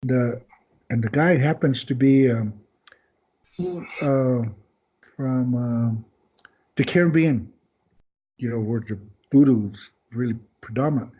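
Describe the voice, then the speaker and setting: A man's voice: mid-range voice, slow, pauses often, breathy edge. A man guesting on a podcast who tells rambling anecdotes in casual storytelling style, acting out other people's lines as he goes. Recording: dull lo-fi podcast audio.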